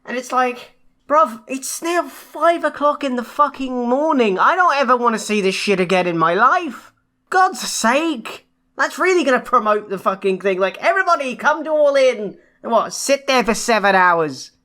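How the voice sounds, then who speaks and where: A woman's voice: a little high, expressive, normal speed, sharp tone. A young woman co-hosting a casual podcast chat, ranting in exasperation and swearing often. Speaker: podcast co-host.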